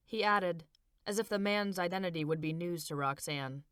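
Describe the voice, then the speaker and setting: Woman reading her own novel aloud, steady expressive narration, dry close recording. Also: lowish voice, normal speed, clear, resonant tone, no echo. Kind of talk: audiobook narration.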